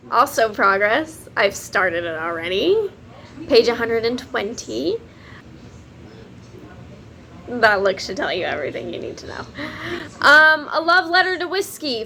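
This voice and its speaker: A woman's voice: fairly high pitch, bright, forceful tone. A young woman, chatting casually to camera about books, swearing freely and laughing often. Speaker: book vlogger.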